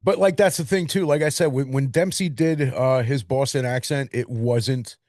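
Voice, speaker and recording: A man from Queens with a New York accent, co-hosting a casual film podcast and talking in long animated run-on stretches. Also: medium pitch, moderate pace, dry recording, clean studio sound. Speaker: podcast co-host. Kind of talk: casual chat.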